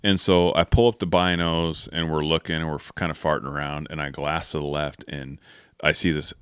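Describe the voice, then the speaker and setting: Deep-voiced man rambling through a story. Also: little pitch movement, a little fast, smooth, no echo, studio quality. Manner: rambling, with many "like" and "right?" fillers; acts out the people in his stories. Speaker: podcast host. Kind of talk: casual hunting storytelling.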